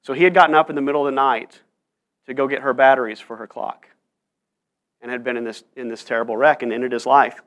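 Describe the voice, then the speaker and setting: A man's voice: mid-range voice, fairly even intonation, quick pace, fairly bright tone. A male pastor preaching a sermon in church, telling stories earnestly and pressing rhetorical questions. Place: church sanctuary.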